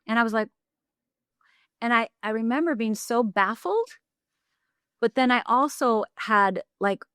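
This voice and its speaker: A middle-aged woman telling a personal story in an animated way, acting out the voices she quotes, with quick bursts and restarts. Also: fairly high pitch, smooth, no echo, studio quality. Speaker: podcast guest, life coach.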